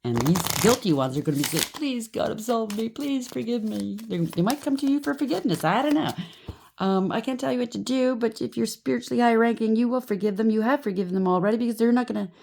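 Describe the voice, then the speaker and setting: A woman's voice: a little high, lively intonation, fast, vocal fry, a little mellow. A woman giving a tarot reading to her viewers, talking straight to them and checking in with a repeated "okay?", now and then acting out what others might say. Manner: addresses viewer directly, frequent "okay?" check-ins; acts out quoted voices with sudden rises. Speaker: tarot reader.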